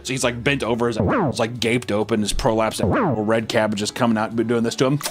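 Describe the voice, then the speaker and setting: A man's voice: medium pitch, brisk. A man hosting a comedy podcast, joking and riffing in casual chat and laughing often. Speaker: podcast host.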